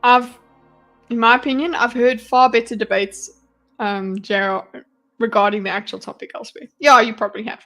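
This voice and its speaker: A woman's voice: medium pitch, normal speed. A South African woman chatting casually on a live stream from her home, talking freely and swearing now and then. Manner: chatty, animated, swears and laughs often. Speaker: streamer reading chat. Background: faint music.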